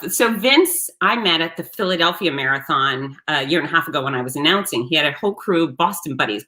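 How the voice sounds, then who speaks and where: A woman hosting her own show, telling a story in a blunt, salty, animated way. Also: low voice. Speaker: host. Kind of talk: casual storytelling monologue.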